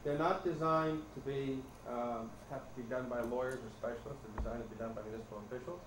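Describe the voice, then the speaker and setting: A man's voice: mid-range voice, fairly even intonation, fast talker. A man advising a town board at a public meeting, explaining things in plain, down-to-earth terms. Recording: echoey noisy meeting room recording.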